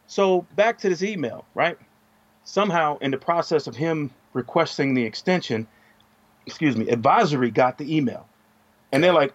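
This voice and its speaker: A middle-aged man telling a story in casual podcast chat, profane and animated, his voice jumping up when he gets heated. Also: fairly high pitch, normal speed, no room sound, muffled recording. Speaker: podcast co-host.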